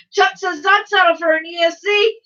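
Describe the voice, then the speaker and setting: A bright, high-voiced woman hosts a casual livestream, chatting, laughing often, and reading viewers' comments aloud. Her audio comes across dull and distant.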